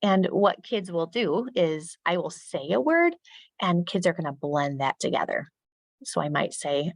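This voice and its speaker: A middle-aged woman with a low voice leads a training talk for teachers, recorded dry and close. She sounds out phonemes slowly and crisply, and her voice climbs when she acts out questions to a class. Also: sing-song, no echo. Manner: models speech sounds slowly and crisply, rising when addressing pupils. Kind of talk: professional development talk for teachers.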